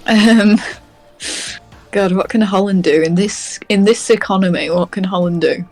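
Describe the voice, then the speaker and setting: A woman's voice: medium pitch, darkish tone, faint music behind. A woman playing in a tabletop game, thinking aloud as she decides her turn. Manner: slow, musing, thinking aloud. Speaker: player.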